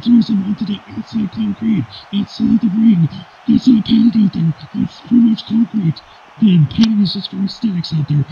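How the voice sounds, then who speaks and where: A man with a fairly high voice calls wrestling play-by-play, breaking into sudden shouted outbursts. The recording sounds dull and lo-fi, with a faint hiss behind him. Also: creaky. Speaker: wrestling commentator. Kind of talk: play-by-play commentary.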